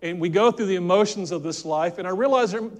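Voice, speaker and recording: A man's voice: high voice, fast. A pastor preaching a sermon in church, earnest, often restarting his words and calling on the congregation to answer back. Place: church sanctuary.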